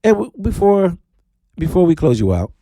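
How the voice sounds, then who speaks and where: A man hosting his own radio talk show, talking in a playful, animated way with sudden high drawn-out calls. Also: dry recording, clean studio sound. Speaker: radio DJ host. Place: radio studio.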